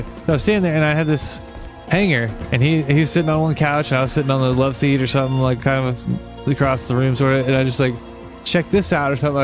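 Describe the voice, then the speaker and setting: A young man hosting a gaming channel, telling long rambling stories and swearing casually while he plays, with quick jumps in pitch when he imitates people. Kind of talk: casual let's-play chat while gaming.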